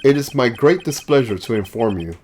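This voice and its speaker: A man voicing a cool, formal male prosecutor in a game playthrough, measured and stiff. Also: medium pitch, animated, a little mellow, lightly acted.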